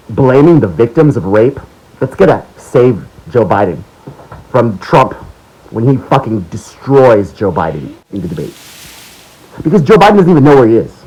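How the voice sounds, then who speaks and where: An American man delivering an angry, sarcastic, profane political rant as the host of his own video monologue, swinging between low mutters and loud outbursts. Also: a little hiss or hum, rough recording. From United States. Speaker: political commentator.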